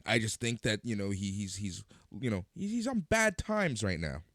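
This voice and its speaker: A man's voice: fairly low pitch, very animated, moderate pace, fairly bright tone, dry recording, studio quality. Sardonic man with a bouncy voice. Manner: sardonic, teasing, joking jabs. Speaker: podcast co-host. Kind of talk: casual wrestling review chat.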